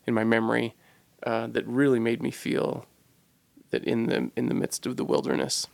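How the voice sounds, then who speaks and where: Gravelly-voiced man telling a reflective story. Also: mid-range voice, normal speed, darkish tone, no room sound. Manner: earnest, reflective, searching for words. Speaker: podcast co-host telling a personal story. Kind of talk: casual storytelling.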